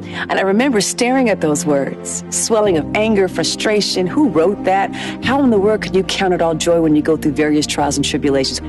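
A woman's voice: on the low side, lively intonation, brisk. A woman giving an earnest, reflective personal testimony in an interview. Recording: music bed underneath.

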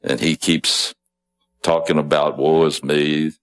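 A man's voice: rumbling low, little pitch movement, slow pace. A man preaching a sermon, retelling a story in a conversational way with asides and small chuckles.

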